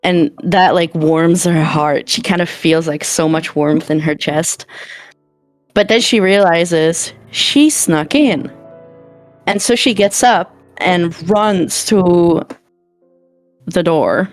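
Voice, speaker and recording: A woman's voice: lowish voice, slow pace, dry recording, faint music behind. A woman playing a tabletop game, describing her character's feelings in a hesitant, thoughtful way. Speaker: player.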